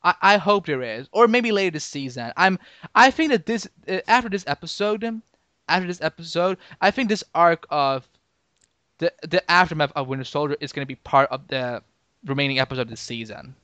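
A man hosting a podcast in casual chat, talking in halting bursts with lots of restarts and fillers. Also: a little high, lively intonation, sharp tone, no echo. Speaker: podcast host.

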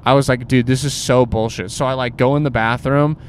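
A young man tells a crude story in a loose, rambling way, filling every pause with "like" and "bro". His voice sits at an ordinary pitch for a man. A faint vehicle rumble runs underneath. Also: fairly even intonation. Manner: rambling, filler-heavy, says "like" and "bro" constantly.

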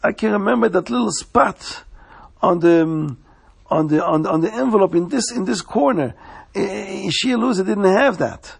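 Man doing a frantic, high-pitched poor man. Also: normal speed, creaky, husky, full character voice. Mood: certain. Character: desperate poor man who lost his money.

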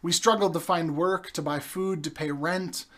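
Male preacher, young adult, slightly high voice, storytelling sermon with dramatic pauses. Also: fairly even intonation, a bit bright.

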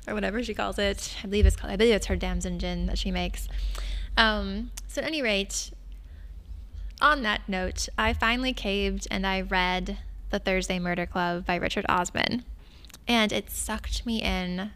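A woman's voice: medium pitch, fairly even intonation, normal speed, fairly bright tone. A young adult woman, a librarian, chatting enthusiastically about books with self-mocking humor. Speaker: librarian and podcast host. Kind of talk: casual chat about books.

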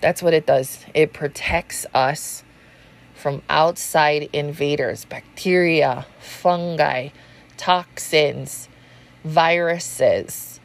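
Low-voiced, chatty woman. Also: drawn-out words, vocal fry. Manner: chatty, swears freely, laughs often, says 'you know' a lot. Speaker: podcast host. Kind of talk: casual storytelling monologue.

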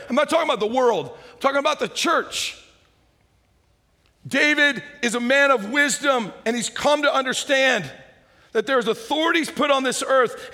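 A male pastor preaching an animated sermon, swinging from shouts to hushed asides and calling the congregation guys. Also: a little high. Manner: talks to the congregation informally, calling them guys. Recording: echoey hall.

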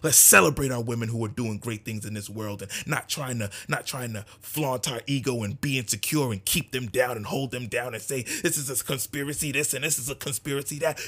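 Man, husky voice, impassioned monologue, fervent, repetitive emphasis, loud then hushed. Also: mid-range voice. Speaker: speaker addressing his community.

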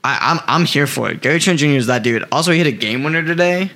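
A man's voice: fairly high pitch, animated, very fast, sharp tone, a little hiss or hum. A young man hosting a casual sports podcast, enthusiastic and hyping up players he likes. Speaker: podcast host.

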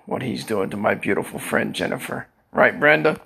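An older man rambling crudely in a casual vlog monologue, with a dry cough and frequent shout-outs. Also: lowish voice, lively intonation, moderate pace, creaky, husky. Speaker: social media vlogger.

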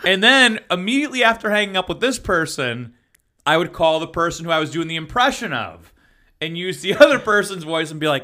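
Podcast regular, male, animated storyteller with a forceful, slightly high voice. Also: a little fast. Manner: laughing, animated storyteller who mimics voices. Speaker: podcast co-host and former teacher. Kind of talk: casual storytelling chat.

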